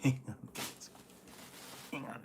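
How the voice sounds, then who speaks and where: A man's voice: takes it slowly, mellow, slight background noise. A man hosting a casual food review vlog, rambling and chuckling often.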